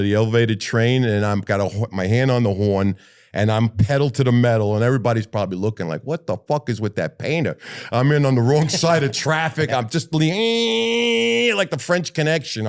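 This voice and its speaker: An older man with a New York accent telling a rough, profane story as a retired firefighter in an interview. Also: mid-range voice. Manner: blunt, profane, lively retelling.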